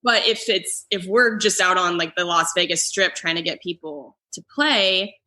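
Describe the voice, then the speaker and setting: Chatty young woman with a bright voice. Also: on the low side, normal speed. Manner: chatty, lots of "like" fillers. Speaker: comedian and foosball player guest. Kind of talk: casual podcast chat.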